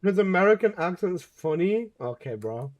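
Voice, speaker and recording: A young male game streamer with a noticeably high voice. He chats casually with his viewers, reading their messages aloud and answering with swearing and laughter. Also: sing-song, moderate pace, highs cut off. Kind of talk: casual live-stream chat.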